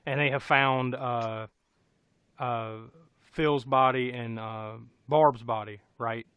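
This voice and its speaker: A man's voice: medium pitch, fairly even intonation, slow pace, clear, resonant tone, no echo, highs cut off. An American man casually recapping a horror film on a podcast, rambling and laughing, with a profane storytelling manner. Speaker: podcast co-host.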